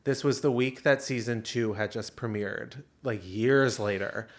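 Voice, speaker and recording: A man's voice: medium pitch, a little slow. A man in his thirties co-hosting a podcast, telling a story in casual chat with lots of fillers and restarts. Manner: animated storyteller, many fillers and self-interruptions. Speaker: podcast co-host.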